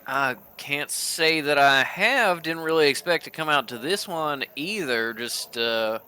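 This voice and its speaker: A man's voice: on the high side, lively intonation, measured pace, sharp tone, smooth. A man voicing a brash, motherly older woman who leads a mercenary crew, with a folksy drawl.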